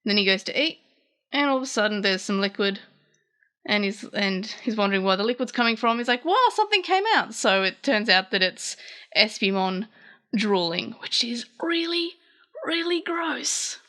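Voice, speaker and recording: A woman's voice: mid-range voice, normal speed, pushed and bright. A young woman, chatting casually as a channel host while she translates a comic and thinks aloud.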